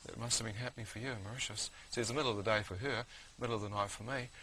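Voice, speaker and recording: A man's voice: on the low side, fairly even intonation, very fast, pushed and bright, slight background noise, poor audio. A man telling a personal story in a guest interview, vivid and often asking "you know what I mean". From New Zealand. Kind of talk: testimony storytelling.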